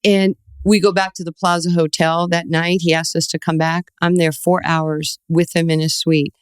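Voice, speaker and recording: Older woman, sixties, from new york, animated storyteller, dry close sound. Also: lowish voice, moderate pace, clear, resonant tone, dry recording. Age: 60s. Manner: animated storyteller, acts out quoted voices, laughs often. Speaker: guest, former basketball player. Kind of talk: storytelling interview.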